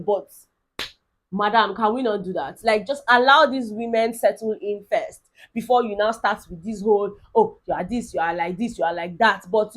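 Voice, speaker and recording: A young Nigerian woman recapping a reality show in sassy, animated commentary, slipping into Pidgin and mimicking the cast. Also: mid-range voice. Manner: sassy, animated, mock-quoting others. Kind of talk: casual commentary mixing Pidgin.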